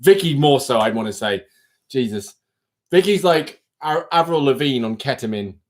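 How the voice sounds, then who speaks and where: A man's voice: medium pitch, lively intonation, moderate pace. Giggly, rambling male stream host. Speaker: livestream host. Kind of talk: casual chat.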